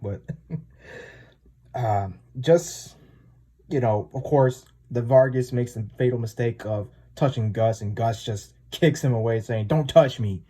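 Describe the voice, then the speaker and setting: A man's voice: medium pitch, measured pace, mellow, husky. A man casually recapping a comic chapter, rambling and full of filler words. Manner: rambling, full of "like" and "you know". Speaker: comic reviewer.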